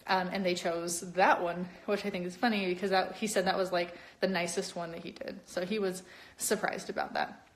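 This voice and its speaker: A young adult woman chatting casually on a live stream, talking with viewers in an animated, lively way. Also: fairly quick. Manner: chatty and animated, with many upward pitch jumps. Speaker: cosplayer hosting a live stream.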